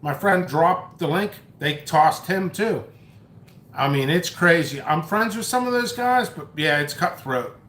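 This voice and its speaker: A man streams live from home over a bowl of noodles, his voice on the high side, expressive and a bit bright, unhurried in an echoey room. The chat rambles as he reads comments and tells a story, frequently mocking things and restarting his sentences.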